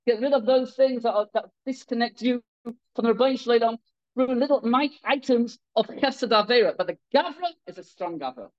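A man's voice: sits high, dull audio. A man giving a sermon, telling stories and acting out the people in them, with many restarts. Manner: animated, acts out quoted characters, many restarts. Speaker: rabbi giving a Torah talk. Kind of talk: sermon with storytelling.

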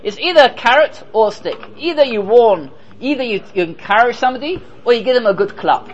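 A man's voice: very high voice, lively intonation, brisk, lo-fi sound. A man teaching a Torah class as a rabbi, speaking emphatically, asking and answering his own rhetorical questions, and dropping in Hebrew and Yiddish terms.

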